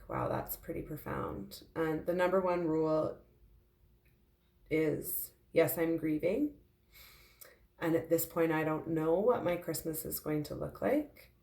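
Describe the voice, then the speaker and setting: Tearful woman with a low, gravelly voice. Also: warm tone, roomy sound. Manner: heartfelt, halting, with frequent fillers. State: tearful, emotional. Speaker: intuitive medium sharing her grief. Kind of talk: personal confessional vlog.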